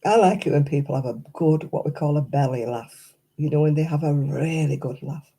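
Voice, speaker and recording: An older woman chats through a crafting livestream in a low, mellow voice with a breathy edge, speaking fairly quickly. She's a chatty anecdotal storyteller who laughs a lot.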